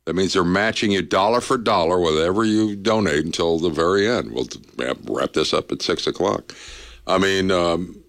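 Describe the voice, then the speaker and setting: A man hosting a charity radiothon on the radio, relaxed and joking, a little punchy after a long day. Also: deep voice, moderate pace, creaky. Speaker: radio host.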